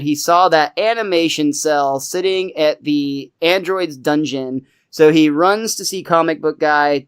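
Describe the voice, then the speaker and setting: Smooth-voiced male podcast host. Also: on the high side, fairly bright tone. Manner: recaps episode plot, laughs often. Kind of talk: casual chat.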